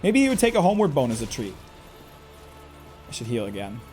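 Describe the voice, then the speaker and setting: A man's voice: medium pitch, wildly swooping pitch, a little fast, dark tone, soft background music. A man commentating live on his own gameplay in a chatty way, talking to himself and to the enemy and exclaiming often. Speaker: game streamer.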